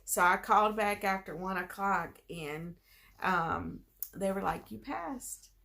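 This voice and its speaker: A woman's voice: fairly low pitch, measured pace. A woman in her thirties, a school nurse, telling her story in a casual vlog, upbeat and encouraging. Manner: excited bursts when retelling good news.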